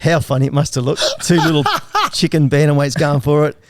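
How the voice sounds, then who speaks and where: A man's voice: fairly high pitch, steady tone, brisk, very noisy. Laughing, swearing man. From Australia. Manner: laughing, profane storyteller. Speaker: guest jockey. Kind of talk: casual podcast chat.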